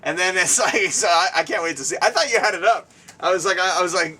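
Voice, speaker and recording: A man hosting a casual interview at a guest's home, excitable and rambling, laughing often, recorded from a distance. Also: sits high, moderate pace, breathy edge. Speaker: show host. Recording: distant mic, faint room ambience.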